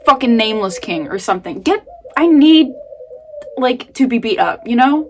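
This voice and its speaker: Woman vlogger, high-pitched, rambling vent swinging soft to loud, faint hiss behind. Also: normal speed. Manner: rambling, swings between muttering and loud outbursts. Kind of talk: emotional casual rant. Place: home.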